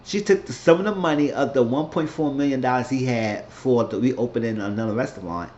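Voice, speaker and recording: A man recaps a TV season finale casually, rambling loosely and often restarting sentences. His voice is mid-range and darkish, fairly quick, captured in a roomy, dull lo-fi recording.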